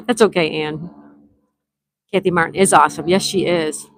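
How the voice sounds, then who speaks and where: On a casual live stream, a female host chats with her viewers, reads their comments out loud and spells game letters. Her voice is lowish and moderately paced, with a little hiss or hum in the recording.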